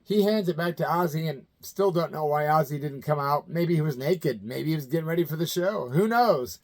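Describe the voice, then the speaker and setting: A man's voice: on the high side, moderate pace. A man in his fifties from the American Midwest, telling rock stories in a loose, colloquial way and acting out the people he quotes. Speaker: channel host telling stories. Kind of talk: casual anecdotal storytelling.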